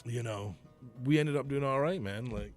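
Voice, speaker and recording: A man's voice: medium pitch, normal speed, faint music behind. A man, a podcast co-host and former wrestler, telling stories in casual chat, swearing often and laughing as he talks. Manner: profane, laughing, animated storyteller.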